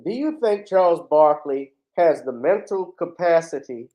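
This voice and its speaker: A man's voice: a little high, lively intonation, measured pace, dark tone. A man hosting a livestream, giving blunt, indignant commentary and swearing freely. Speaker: livestream host. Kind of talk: heated commentary.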